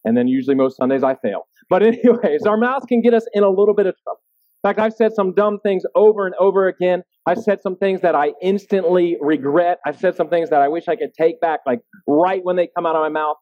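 Speaking a little fast in a high voice, this thirty-something pastor delivers his sermon conversationally, poking fun at himself and asking the congregation "right?" again and again. There's no room sound; the audio is dry and narrow, like a phone.

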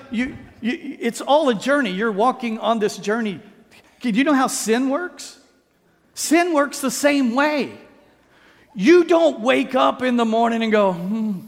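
A man's voice: very high voice, gravelly. A man preaching a sermon as pastor, telling stories with acted-out quotes and playful asides. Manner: animated storytelling, acts out quotes, playful asides. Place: church sanctuary. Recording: reverberant sanctuary sound.

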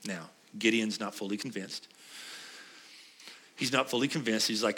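Pastor, male, middle-aged, bright voice, chatty sermon delivery that questions the room. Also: fairly low pitch, fairly even intonation, normal speed, pauses often. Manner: conversational, asks the congregation questions.

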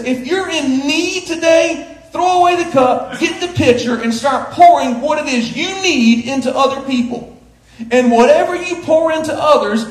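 A middle-aged male pastor preaching a sermon with a humorous story, moving from hushed asides to shouted punchlines and chuckling through the telling. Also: very high-pitched. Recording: roomy echo of a big hall.

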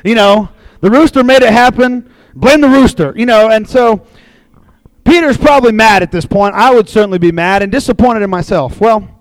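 High-voiced chatty preacher man. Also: moderate pace, no echo, rough recording. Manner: chatty and animated, acting out voices in quotes. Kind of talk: casual sermon retelling a Bible story. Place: room with a live audience.

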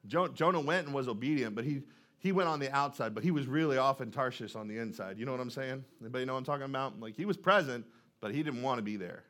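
A man's voice: mid-range voice, fast talker, a bit bright. A male pastor preaching a sermon in a church, in a conversational way, often putting questions to the congregation.

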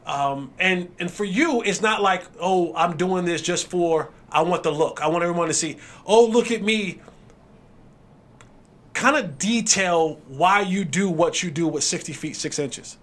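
A man's voice: high voice, measured pace, fairly bright tone. A man hosting a podcast, asking questions in an easygoing, conversational way. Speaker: podcast host. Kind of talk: casual interview chat.

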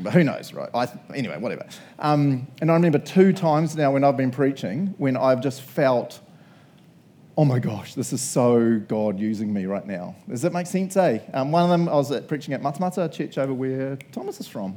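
A man's voice: mid-range voice, mellow. A young man preaching a casual sermon, chatty and laughing often, acting out little quotes.

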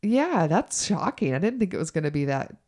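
Woman co-host, casual chat, frank and chatty, swears freely, lower pitch. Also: very animated, a little fast, dark tone.

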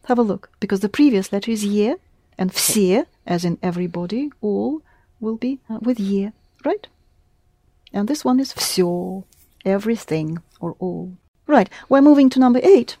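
A woman leads a one-to-one language lesson, patient and encouraging. She says each word slowly and clearly, then repeats it. Her voice is mellow, and the recording is dry and close. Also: mid-range voice, lively intonation, dry recording. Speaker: language teacher.

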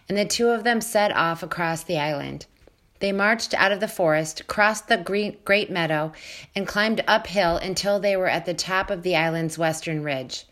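Woman storybook reader, slightly low voice, clear and steady. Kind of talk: reading a children's novel aloud.

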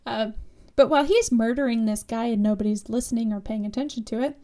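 A woman's voice: on the high side, fast talker, dark tone. A woman co-hosting a podcast, casually and sarcastically recapping a horror movie with lots of fillers. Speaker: podcast co-host.

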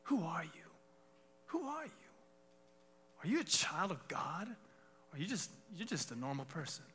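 A man preaching voices a sneering enemy who mocks a listener in a quiet, half-whispered tone. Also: fairly high pitch, very animated, measured pace, a little hiss or hum, pitched above the performer's own voice, exaggerated voice. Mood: mocking.

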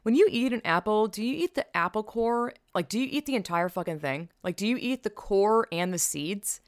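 Talking fairly quickly at a medium pitch, a young podcast host rambles casually into a headset mic, swearing freely, speaking candidly, and drifting between tangents. The audio is studio quality with no echo.

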